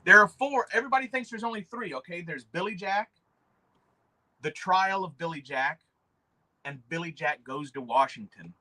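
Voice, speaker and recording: A man hosting a casual livestream, talking in an excitable, rambling way and swearing freely. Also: high-pitched, moderate pace. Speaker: livestream host showing custom figures.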